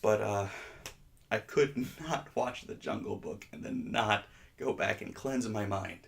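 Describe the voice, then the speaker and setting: A man's voice: lowish voice, unhurried, vocal fry, a bit bright, slight background noise. A man hosting his own commentary video, ranting in an exasperated, sarcastic way. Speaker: host.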